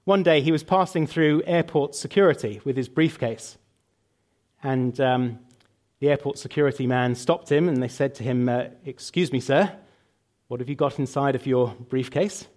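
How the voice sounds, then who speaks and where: A man's voice: mid-range voice, moderate pace, darkish tone. A man preaching a sermon and leading a prayer, emphatic and building through lists, later answering questions with some fillers.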